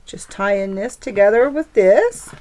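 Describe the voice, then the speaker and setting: A woman's voice: mid-range voice, expressive, a little slow, darkish tone. A woman hosting her craft channel, chatting casually and gushing over the crafts and gifts she shows. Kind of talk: casual craft show-and-tell.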